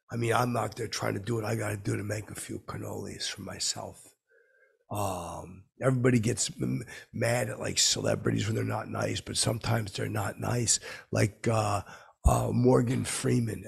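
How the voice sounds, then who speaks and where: A man's voice: on the low side, vocal fry, breathy edge. A man hosting a comedy podcast, telling a rambling, boastful story as a clueless character.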